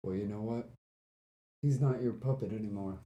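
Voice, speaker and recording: Brief: woman voicing a protective cat heroine, mellow and animated. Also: low voice, measured pace, muffled recording. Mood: defiant. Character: fierce young cat heroine, protective and defiant.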